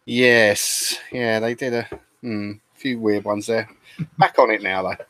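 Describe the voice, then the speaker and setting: A man's voice: lowish voice, steady tone, slow pace, a bit bright, no room sound. A British man co-hosting a casual chat show, easygoing and chatty. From United Kingdom. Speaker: podcast co-host.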